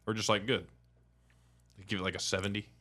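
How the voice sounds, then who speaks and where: A man co-hosting a casual podcast chat over beers, jokey and quick to laugh. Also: fairly low pitch, little pitch movement, pushed and bright. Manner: jokey, laughs often, slips into put-on accents. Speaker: podcast co-host.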